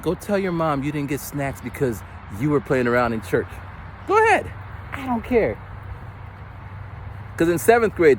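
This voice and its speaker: A man who works as a teacher, telling stories in a casual chat while walking outdoors, mimicking other people's voices with big jumps in pitch. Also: darkish tone, slight background noise, low-quality recording. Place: outdoors on a street. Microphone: phone camera held while walking.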